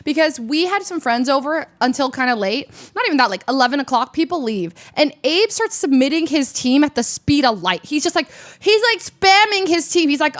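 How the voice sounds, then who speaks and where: Woman streamer, slightly high voice, animated casual storyteller, self-mocking, peppers everything with "like". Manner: animated, heavy use of "like", rapid asides; self-mocking, laughs often.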